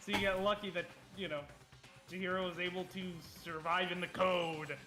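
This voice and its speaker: A man's voice: sits high, steady tone, normal speed, sharp tone, soft background music. A man co-commentating a game playthrough, explaining plot points in a matter-of-fact way. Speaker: let's play co-commentator.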